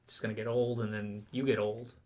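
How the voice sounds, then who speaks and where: A man's voice: fairly low pitch, little pitch movement, fast, a little mellow. A man co-hosting a podcast, chatting in an easygoing, joking way with loose phrasing. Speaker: podcast co-host. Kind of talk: casual chat.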